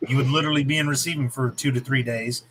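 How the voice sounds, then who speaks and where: Bright voiced guy walking through an old army story slowly, bit of background hiss. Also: medium pitch, fairly even intonation, low-quality recording. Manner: explanatory, drawn-out storytelling. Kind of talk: casual storytelling chat.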